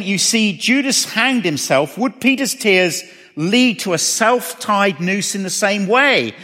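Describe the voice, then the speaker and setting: Earnest high-voiced preacher in a reverberant hall. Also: male voice, sharp tone. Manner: earnest, questioning, repeats phrases for emphasis. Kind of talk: sermon.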